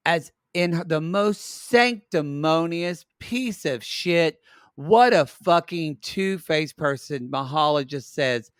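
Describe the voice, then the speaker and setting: A man's voice: on the high side, slow pace, a bit bright, clean tone, no room sound, studio quality. A man co-hosting a casual recap podcast, talking in a blunt, profane and analytical way. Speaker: podcast co-host. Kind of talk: casual reality TV recap chat.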